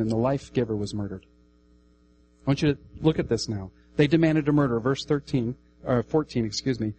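A man preaching a sermon emphatically, repeating key phrases and swinging between raised, high-pitched declarations and quiet, lower passages. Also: slight background noise, low-quality recording.

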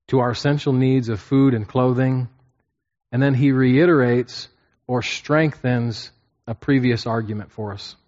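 A man of middle pitch leads a Bible lesson like a sermon. He repeats key points and asks his listeners questions. The recording is dull and lo-fi. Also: darkish tone. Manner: repeats phrases, checks in with listeners. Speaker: pastor teaching a class. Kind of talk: sermon-style Bible teaching.

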